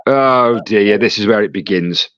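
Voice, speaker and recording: A man hosting a live stream, reading chat messages aloud with quick joking asides. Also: lowish voice, a bit bright, no room sound. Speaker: livestream host reading chat. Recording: dull lo-fi dry sound.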